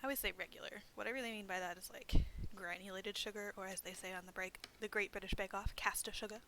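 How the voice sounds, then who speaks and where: Chatty young woman with a bright voice. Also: medium pitch, steady tone, fast, slight background noise, rough recording. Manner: chatty and self-deprecating, many fillers. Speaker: library program host. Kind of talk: casual craft demonstration.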